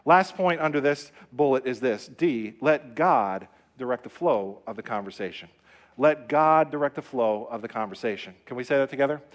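A man's voice: mid-range voice, normal speed. A middle-aged man preaching a sermon as pastor, emphatic and repetitive, leading the congregation to say lines back. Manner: emphatic, repetitive, call-and-response. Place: church sanctuary.

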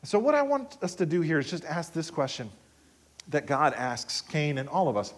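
A man preaching a sermon as pastor, animated, swinging between soft, quiet asides and loud emphatic rises. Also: fairly high pitch, moderate pace.

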